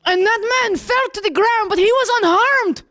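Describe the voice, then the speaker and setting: A woman's voice: very high-pitched, moderate pace, bright, forceful tone. A woman playing the apostle John, retelling his days with Jesus in first person and asking the listeners questions directly. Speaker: storyteller in character. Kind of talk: first-person Bible storytelling.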